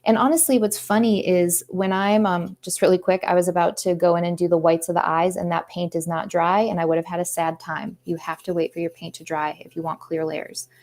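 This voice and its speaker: A woman's voice: fairly low pitch, steady tone, brisk, hardly any pauses, a little mellow. Chatty woman artist painting on a live stream. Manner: chatty and earnest, drifts into pep talks. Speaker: artist and teacher hosting a live creative stream. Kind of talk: casual chat while painting.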